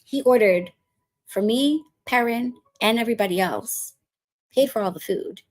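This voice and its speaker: A married woman from the Bronx, New York, who has been married since before 2020, works as a witchcraft coach and podcast host. Her voice sits on the high side at a normal speed as she tells a casual story in a chatty, animated way, acting out what people said.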